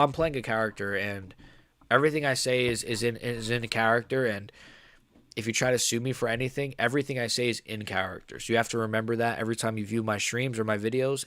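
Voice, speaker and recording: A man on a live fight-reaction stream who rants and curses in frustration, often restarting his sentences. His voice sits at a middle pitch and sounds close and dry, with no room echo. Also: a bit bright. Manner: angry, profane ranting; rambling with frequent restarts. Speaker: MMA streamer.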